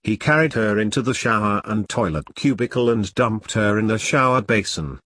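A man narrating an audiobook in an expressive, measured way. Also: lowish voice, no echo.

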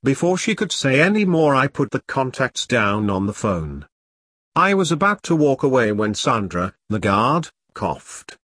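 A man reads a first-person story with a husky voice. His pitch moves a lot as he tells it. The sound is dry and close to the mic. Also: big pitch swings, a little slow, a bit bright, no echo. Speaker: audiobook narrator.

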